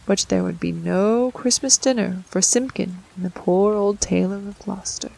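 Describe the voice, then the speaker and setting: A woman narrating a classic children's storybook aloud, expressive and ready to act out voices and sounds. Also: mid-range voice, moderate pace, vocal fry, rough recording. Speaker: audiobook narrator. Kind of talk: storybook reading.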